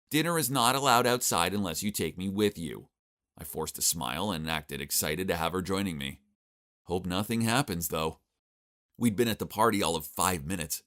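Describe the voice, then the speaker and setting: A young man narrates his own animated story in a wry, exasperated tone. His voice sits on the low side but swoops widely as he tells it, punctuated by groans and asides. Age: young adult. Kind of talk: scripted first-person story narration.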